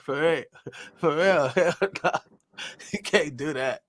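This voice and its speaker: A man with a somewhat high voice tells rowdy stories in a loose, casual chat. He is animated and profane, laughing often and acting out what others said. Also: slow. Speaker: podcast guest telling stories.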